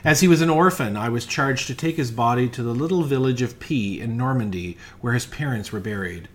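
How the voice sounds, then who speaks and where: A man giving a dramatic reading of a classic ghost story, measured and often dropping to a hush. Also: mid-range voice. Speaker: reader.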